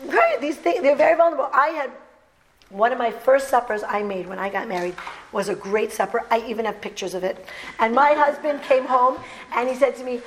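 A woman's voice: sits high, moderate pace, rough recording. A middle-aged woman who teaches brides, giving a talk to women and telling stories, acting out quotes with laughter. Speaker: bridal teacher and speaker.

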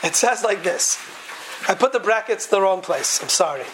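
A man's voice: sits high, lively intonation, moderate pace, background noise. A man giving a Talmudic lecture to a class, posing question after question in a sing-song study cadence. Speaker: Torah teacher.

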